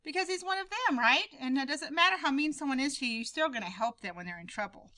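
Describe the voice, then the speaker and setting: A woman teacher reading a story aloud and explaining it to young students in an animated way. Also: high voice, quick pace.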